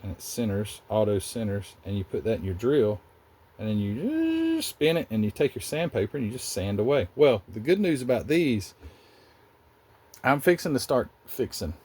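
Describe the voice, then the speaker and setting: A man's voice: fairly low pitch, wildly swooping pitch, normal speed, dark tone. A man with a Southern US accent, hosting a casual, rambling chat about model car building in his hobby workshop. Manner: rambling, chatty, self-interrupting.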